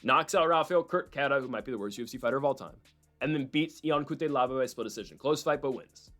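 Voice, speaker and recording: A man casually breaking down MMA fights and predictions, rambling and excitable with frequent asides. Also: medium pitch, quick pace, faint music behind.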